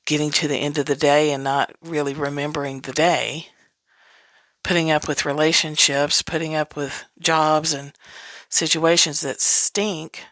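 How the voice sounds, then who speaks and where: A woman with a fairly low voice talks in a candid, loose teaching style and breaks into laughter often. She swears casually. The recording is dry and close, with no room sound. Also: flat delivery, measured pace, fairly bright tone, no echo. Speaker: podcast host.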